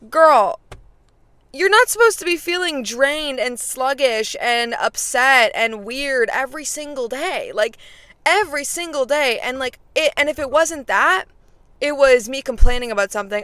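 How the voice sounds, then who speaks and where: A woman's voice: sits high, animated, unhurried, sharp tone, no echo. A woman in her twenties, talking casually and directly to her viewers as a faith vlogger, full of fillers. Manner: chatty, frequent fillers, talks straight to viewers. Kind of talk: casual chat.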